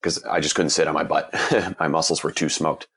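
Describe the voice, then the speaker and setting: A man in his forties with an extremely low, deep voice, slightly husky as he gets over a cold. He answers interview questions in an earnest, candid way, often restarting his sentences as he thinks aloud. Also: level tone, a little fast, a bit bright. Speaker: guest, endurance cyclist.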